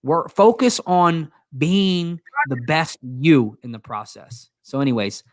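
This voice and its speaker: A man's voice: on the high side, animated, takes it slowly, dry recording, clean studio sound. A man co-hosting a casual live stream, stammering through restarts and greeting viewers by name. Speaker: co-host.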